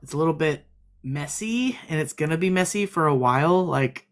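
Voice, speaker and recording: A man's voice: a little high, lively intonation, normal speed. Bashful man chatting on a live stream. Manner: laughs often, trails off and restarts. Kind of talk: casual live-stream chat.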